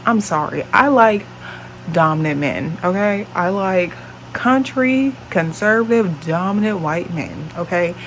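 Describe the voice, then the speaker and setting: A woman's voice: lowish voice, animated, unhurried, a little hiss or hum, rough recording. A woman in her late twenties telling a dating story on her vlog in a blunt, profane, exasperated way. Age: late 20s. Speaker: vlogger.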